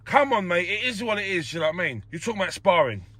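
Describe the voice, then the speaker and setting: A man hosts a casual boxing chat, talking bluntly and repeating his points with swearing. His voice sits high and swings widely in pitch. The sound is bright and dry. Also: quick pace, dry recording. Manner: animated, blunt, swears freely, repeats himself. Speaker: host.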